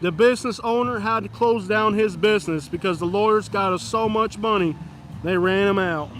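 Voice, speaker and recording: A man putting on the voice of a smarmy male injury lawyer in a mock TV commercial, drawn-out pitchman delivery. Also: a bit bright, slight background noise, poor audio.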